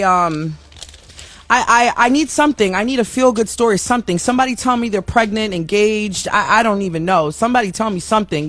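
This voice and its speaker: A woman's voice: medium pitch, fairly bright tone. A woman hosting her own talk show from a home studio, chatting candidly, laughing often and joking at her own expense. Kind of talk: casual chatty monologue.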